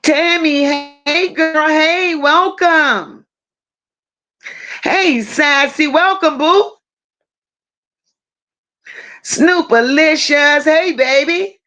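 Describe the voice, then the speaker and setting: High, slow-talking woman livestream host. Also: pushed and bright. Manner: greets viewers one by one with pet names like baby and boo. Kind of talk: casual livestream chat. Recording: dull lo-fi livestream audio.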